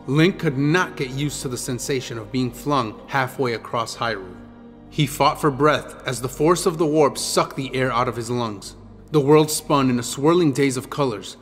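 Man, audiobook narrator, measured descriptive reading, long reverb, background music. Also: mid-range voice, a bit bright.

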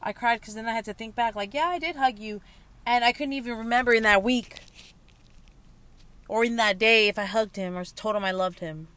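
Young mother, candid vlog confession; halting delivery with restarts, voice on the edge of tears. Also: a little high, fairly bright tone. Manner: halting, emotional, many restarts and pauses. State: close to tears. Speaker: young mother sharing her story. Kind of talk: candid personal monologue.

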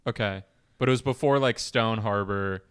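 A man's voice: fairly low pitch, normal speed, smooth. A man co-hosting a podcast in casual chat, rambling and self-deprecating with a joking tone. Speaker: podcast co-host.

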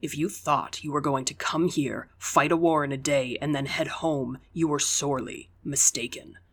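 A narrator voicing a soft-spoken steady young man. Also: mid-range voice, normal speed. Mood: stern. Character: calm young man, quietly steady then angry.

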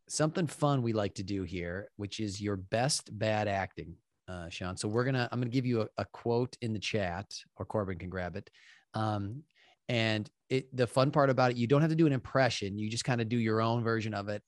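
Male podcast host, low-ish, rambling casual chat, close dry recording. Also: no echo. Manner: chatty, rambling with many fillers.

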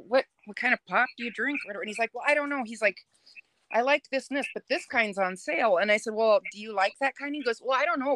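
A young adult woman telling a dating story on a podcast in a chatty, lively way. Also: fairly high pitch, dry recording. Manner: chatty, animated, laughs while telling. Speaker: podcast guest. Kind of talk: casual storytelling.

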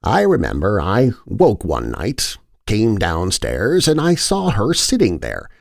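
A man's voice: on the low side, wildly swooping pitch, slow, gravelly, no echo, clean studio sound, exaggerated voice. A man voicing an older woman servant telling an old story. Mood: reminiscing.

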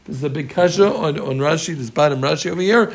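Man, Talmud class teacher, high voice, gravelly, animated, emphatic repetition. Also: fast. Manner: animated, repeats points emphatically, teasing students.

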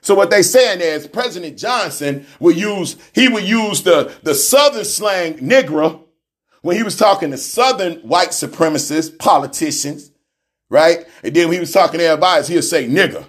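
A man's voice: a little high, animated, moderate pace, breathy edge. Fired-up man preaching to listeners. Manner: repeats lines, calls out to listeners with "y'all", "family" and "brothers and sisters". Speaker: radio show host. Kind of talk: reading aloud and commenting, preachy radio talk.

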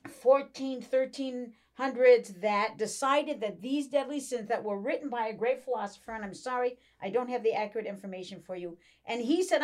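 Animated middle-aged woman telling stories. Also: fairly high pitch. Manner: animated storyteller, acts out quotes. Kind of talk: casual chat.

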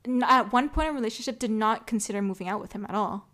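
High-voiced young woman, rambling. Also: quick pace, a bit bright. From Canada. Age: young adult. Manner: rambling, heavy use of fillers and "type of deal". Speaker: podcast guest. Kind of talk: casual chat.

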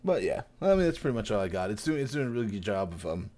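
A man with a low voice chats on a podcast, recounting story scenes with gusto. He jumps into playful quick voices for the characters as he goes. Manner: animated retelling with put-on voices. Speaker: podcast co-host. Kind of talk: casual chat.

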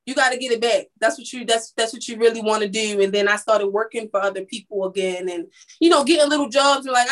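Candid young woman, high voice. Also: fast, low-quality recording. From East Baltimore, Maryland. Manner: candid, rambling, many restarts. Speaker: guest, makeup artist. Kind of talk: casual interview chat.

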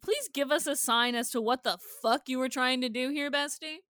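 Female co-host, high and bright, casual and profane, dry recording. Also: moderate pace, dry recording. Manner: profane, animated ranting. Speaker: podcast co-host. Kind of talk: casual chat.

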